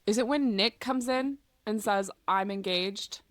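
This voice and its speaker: A woman, co-hosting a podcast in casual chat, playful and animated as she tells stories with quick asides. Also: fairly high pitch, dry recording, studio quality. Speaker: podcast co-host.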